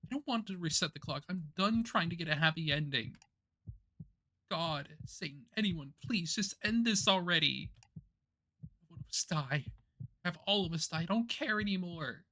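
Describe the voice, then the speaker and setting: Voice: mid-range voice, expressive, moderate pace, bright, forceful tone, pitched above the performer's own voice. A game streamer voicing a young woman in despair from endless time loops, pleading and desperate. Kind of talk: reading a visual novel aloud.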